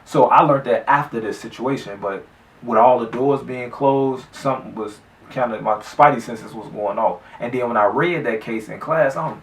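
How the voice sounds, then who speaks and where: Brief: man, gravelly vocal fry, loose profane street storytelling, echoey room, off-mic. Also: medium pitch, moderate pace, far from the mic. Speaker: vlogger telling his own story. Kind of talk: casual story time.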